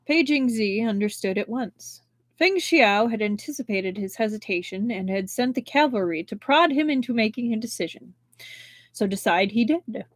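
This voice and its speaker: A woman reading a novel aloud on a live stream, expressive, with big changes in loudness. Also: medium pitch, normal speed, no echo. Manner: expressive, with strong shifts in loudness. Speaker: book reader and livestream host.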